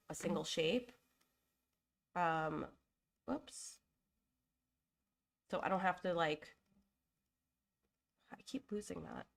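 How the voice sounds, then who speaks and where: Recovering from a cold, a young woman hosts a live design stream in a lowish, slightly bright voice with gravelly fry. She chats casually and thinks out loud with many fillers and self-corrections, sounding openly apologetic and emotional.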